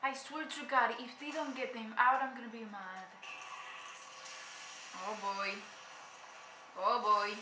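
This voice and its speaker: A young woman hosts a casual reaction video, calling out at the screen in a high, piercingly bright voice. She speaks slowly between outbursts. Her voice rings in an echoey room with faint music underneath. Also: a little hiss or hum. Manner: excitable, talks back at the screen. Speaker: reaction vlogger.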